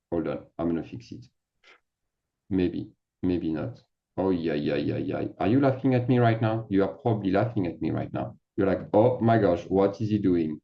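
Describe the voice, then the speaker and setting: A French teacher with a deep voice and vocal fry gives a casual screen-share lesson, chatty and self-mocking as he thinks aloud while typing. The highs are cut off in the recording.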